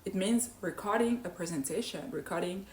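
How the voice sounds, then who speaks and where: A woman whose first language is not English gives an English pronunciation lesson. Her voice sits slightly low, and she explains each point step by step, often checking in with "right?". The room around her is echoey. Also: fairly quick, a little mellow.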